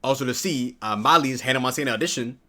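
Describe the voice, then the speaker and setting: Bright-voiced excitable young man reviewing. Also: fast talker. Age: early 20s. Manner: excitable, slangy, jumps to high-pitched exclamations. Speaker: TV show reviewer. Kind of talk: casual video review.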